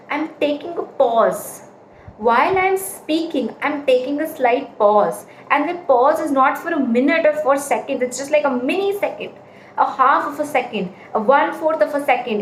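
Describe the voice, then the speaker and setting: A woman's voice: sits high, animated, moderate pace. A woman giving a casual spoken lesson on public speaking, stressing her points with repeated examples. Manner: explains with repeated examples, emphatic. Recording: echoey room, faint ambient noise.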